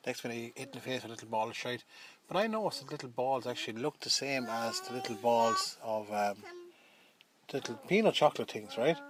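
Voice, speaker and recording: An Irish man tells a rambling family story at an ordinary middle pitch, stopping now and then to check his listeners are with him. His delivery is loose and chatty, full of asides. A faint hiss and a few clicks run under the recording.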